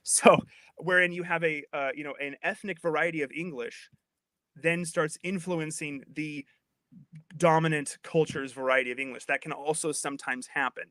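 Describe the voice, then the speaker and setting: A man in his thirties, a linguist guest, explaining in an animated, chatty way with frequent restarts. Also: a little high, normal speed, no room sound. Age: 30s. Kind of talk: casual explanatory chat.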